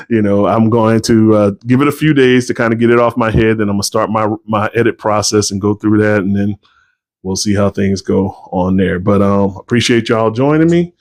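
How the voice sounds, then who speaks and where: A man's voice: on the low side, moderate pace, a little mellow, no echo. A man, a novelist, chatting casually to viewers on a livestream, rambling and tired.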